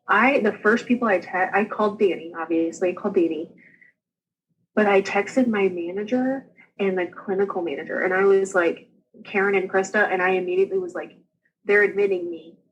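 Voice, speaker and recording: A woman's voice: medium pitch, husky, dull audio. A young woman, casually telling her story as a podcast guest and acting out the people she quotes. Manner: animated, acts out quoted voices.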